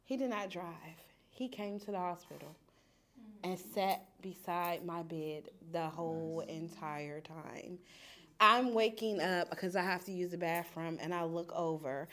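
A woman telling a personal story in a small group, animated and laughing as she acts out quoted lines. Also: medium pitch, a little slow. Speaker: group participant. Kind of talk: casual storytelling. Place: small indoor group setting.

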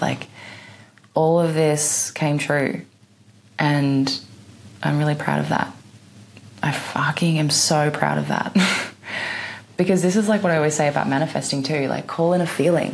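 A young woman talks through her own podcast in a low voice with a gravelly, fry-laden edge. Her speech is loose and chatty, full of "like"s, easy laughter and offhand swearing. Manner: chatty, says "like" a lot, laughs often, swears casually. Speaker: podcast host. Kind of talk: casual solo podcast monologue.

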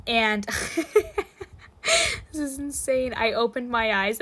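A woman's voice: sits high, moderate pace, long pauses, fairly bright tone. A young woman telling a casual anecdote about babysitting, acting out the quotes and laughing often. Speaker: storyteller.

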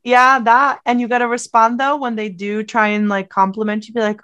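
A woman's voice: fairly high pitch, level tone, pushed and bright, clear, resonant tone. Joking woman podcast co-host. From United States. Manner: joking, quick with punchlines. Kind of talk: casual chat.

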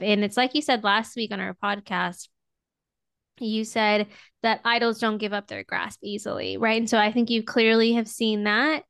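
A woman's voice: fairly high pitch, moderate pace, fairly bright tone, clean tone, no room sound, studio quality. A pregnant woman co-hosting a faith podcast, chatty and encouraging. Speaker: podcast co-host. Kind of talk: casual faith chat.

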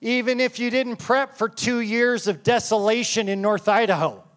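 A man's voice: extremely high pitch, steady tone, moderate pace. A male pastor preaching a sermon and reading scripture aloud, fired up and impassioned.

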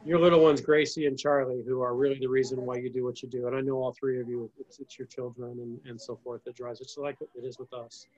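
A man's voice: medium pitch, level tone, fast talker, hardly any pauses, a little mellow, highs cut off. A man hosting an interview, friendly and encouraging, asking long questions. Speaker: podcast host. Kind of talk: interview conversation.

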